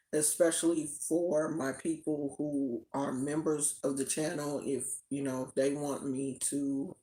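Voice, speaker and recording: A woman's voice: low voice, a little mellow. An older woman hosting a spiritual channel, chatting casually on a livestream in a rambling way. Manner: chatty, rambling, with fillers and restarts. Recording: roomy echo.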